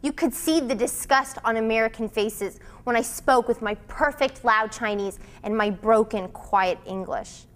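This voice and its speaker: Woman, solo performer, dramatic literary reading; slow, weighty phrasing, fairly high pitch. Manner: slow, deliberate, emotionally charged delivery.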